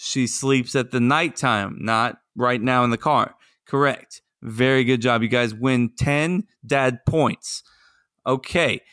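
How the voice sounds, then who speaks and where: A man's voice: mid-range voice, slow pace, a bit bright, smooth, no echo, studio quality. A man in his thirties, a podcast co-host telling playful, jokey dad stories in casual chat.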